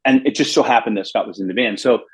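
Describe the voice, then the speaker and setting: Middle-aged man from Los Angeles, husky voice, rambling anecdotes with lively acted quotes, casual interview guest. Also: medium pitch, rapid-fire. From Los Angeles, USA. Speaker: bass player, guest.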